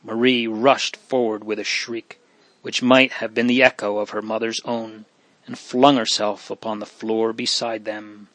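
A man reading a story aloud in a slow, measured, hushed and solemn manner. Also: on the low side, flat delivery, dry recording. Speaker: narrator. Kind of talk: audiobook reading.

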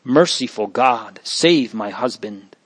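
A man's voice: mid-range voice, expressive, takes it slowly, breathy edge, dry recording. A man voicing a frightened noblewoman, anxious and pleading.

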